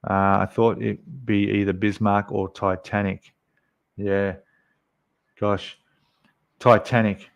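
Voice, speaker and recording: Rambling man, low voice. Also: little pitch movement, slow pace, gravelly, pauses often. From Australia. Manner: chatty, rambling, filler-heavy. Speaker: live stream host. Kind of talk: casual live stream chat, reading comments.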